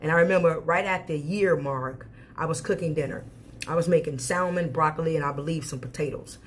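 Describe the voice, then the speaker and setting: A woman's voice: sits low, fairly quick, a little hiss or hum. Emphatic woman ranting through a storytime. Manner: candid, emphatic, swears freely. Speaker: storyteller recounting her marriage. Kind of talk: storytime rant.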